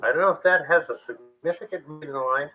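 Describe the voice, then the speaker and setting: A man's voice: on the high side, quick pace, faint music behind. A man chatting casually on a live stream, dry and joking. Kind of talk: casual chat. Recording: muffled lo-fi audio.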